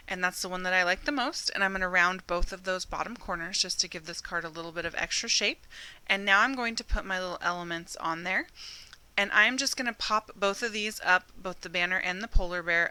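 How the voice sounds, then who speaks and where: A woman's voice: fairly low pitch, bright, forceful tone, clear, resonant tone. A woman hosting her own card-making channel, chatting her way through each crafting step. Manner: chatty, step-by-step, lots of "I'm gonna". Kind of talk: craft tutorial narration.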